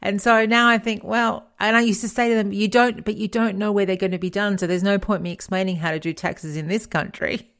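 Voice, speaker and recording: Gravelly-voiced middle-aged woman. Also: mid-range voice, steady tone, a little fast, hardly any pauses. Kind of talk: casual conversation.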